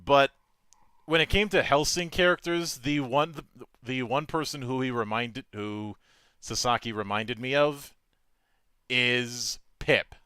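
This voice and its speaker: A man's voice: medium pitch, measured pace, pushed and bright, smooth, dry recording. A man in a casual podcast chat, making digressive asides with many restarts.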